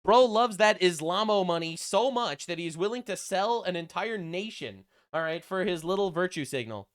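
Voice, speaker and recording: A man's voice: high-pitched, lively intonation, moderate pace. A man hosting a reaction video, ranting bluntly and mockingly with crude words and stammering restarts. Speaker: reaction commentator. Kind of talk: casual profane reaction rant.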